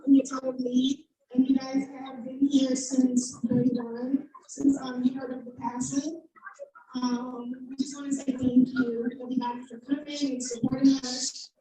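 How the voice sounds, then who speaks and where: A young woman giving a nervous, heartfelt vote of thanks at her father's memorial, speaking in a halting way. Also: high voice, dark tone. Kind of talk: emotional memorial speech. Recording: roomy sound from a distant mic.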